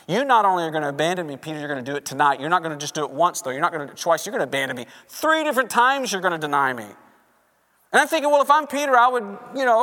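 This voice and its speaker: A male pastor preaching an animated sermon, acting out the voices of the people he quotes. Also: high voice, fast talker. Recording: reverberant hall.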